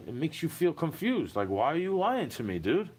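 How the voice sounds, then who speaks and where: Agitated man ranting, lively pitch. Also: moderate pace, husky. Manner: agitated, profane, rhetorical questions. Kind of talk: ranting recorded monologue.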